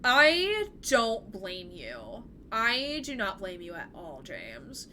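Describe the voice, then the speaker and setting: A woman's voice: mid-range voice, huge pitch swings, slow, sharp tone, slight background noise. A woman live-streaming a game and chatting casually with her viewers. She rambles, fills her sentences with "like" and laughs easily. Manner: chatty and rambling, heavy use of "like".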